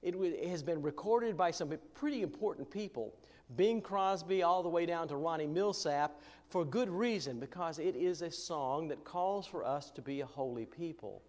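A man preaching a sermon in a relaxed, conversational way, often pausing with fillers and restarting his sentences. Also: a little high, long reverb tail. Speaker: pastor.

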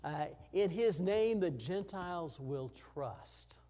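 Folksy, slightly high-voiced male Bible teacher. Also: lively intonation, takes it slowly, warm tone. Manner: conversational, folksy, with frequent fillers and restarts; rises in pitch and volume for emphasis, drops low for tender points.

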